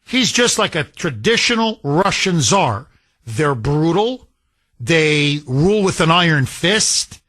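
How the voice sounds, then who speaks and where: A man's voice: fairly high pitch, fairly bright tone. A man hosting a talk radio show, delivering a combative, sarcastic monologue full of rhetorical questions.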